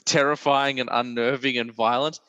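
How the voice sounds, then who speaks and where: A man hosts a relaxed podcast chat in a mid-range voice, close and dry on the mic. He rambles, restarts his sentences and laughs his way through. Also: mid-range voice, normal speed, clear, resonant tone, no echo. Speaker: podcast host. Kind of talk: casual chat.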